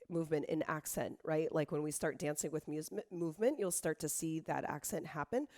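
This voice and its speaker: A woman in her thirties teaching an online dance lesson, hoarse from being sick and tired, counting beats and calling out moves while she dances. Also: lowish voice, a little fast, darkish tone. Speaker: dance instructor.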